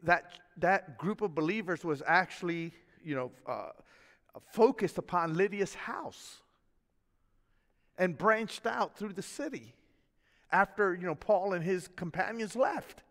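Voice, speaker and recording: A man preaching a sermon as pastor, in a folksy, animated way with chuckles and asides. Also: high-pitched, unhurried, long reverb tail. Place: church sanctuary.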